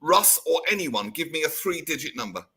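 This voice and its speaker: A man's voice: on the high side, very animated, normal speed, pushed and bright, slightly rough. A man co-hosting a radio show, playful as he sets up a magic trick. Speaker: radio co-host. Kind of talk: casual radio banter. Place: radio studio.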